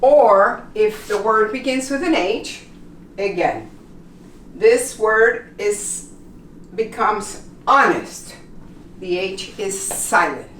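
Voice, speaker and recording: A woman teaches pronunciation in a slow, unhurried way, repeating each example word with patience. She stands back from the microphone, and her voice echoes around the room. A faint hum runs underneath. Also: mid-range voice, lively intonation, fairly bright tone. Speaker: English teacher. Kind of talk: classroom pronunciation lesson. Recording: echoey room, mic at a distance.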